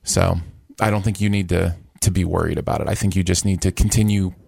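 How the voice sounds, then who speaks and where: A man's voice: sits low, fairly even intonation, fast talker, creaky, a little mellow, breathy edge. Male co-host, conversational, emphatic in argument. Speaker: podcast co-host. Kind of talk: casual conversation.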